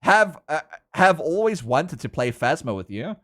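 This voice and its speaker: Lively male streamer. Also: on the high side, a little slow. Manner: animated, laughs often, talks to chat. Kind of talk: casual live-stream chat while drawing.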